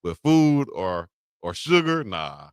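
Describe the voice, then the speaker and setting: A man's voice: fairly low pitch, big pitch swings, takes it slowly, clean tone, dry recording, clean studio sound. A man co-hosting a casual live-stream show, joking and laughing as he talks. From Alabama. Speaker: co-host.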